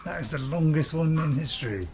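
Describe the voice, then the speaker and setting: A man's voice: fairly high pitch, lively intonation, brisk, noisy background. A man giving casual, rambling commentary while playing a game, chuckling to himself now and then. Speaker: gaming video host.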